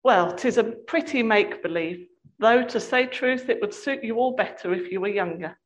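A woman voicing a soft-spoken, coaxing enchantress queen in a hushed, cooing tone. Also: on the high side, moderate pace, muffled recording, voice pushed up, lightly acted. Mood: soothing scornful.

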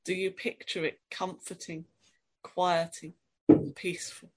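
Woman preacher, lowish voice, reflective sermon delivery, asks gentle questions, reads scripture dramatically. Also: level tone, measured pace, breathy edge.

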